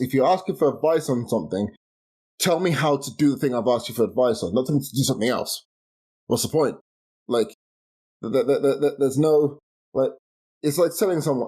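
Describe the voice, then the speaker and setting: Exasperated young man, mellow voice. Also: mid-range voice, normal speed, breathy edge. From United Kingdom. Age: 20s. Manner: exasperated ranting, restarts and laughs. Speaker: podcast co-host. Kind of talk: casual chat.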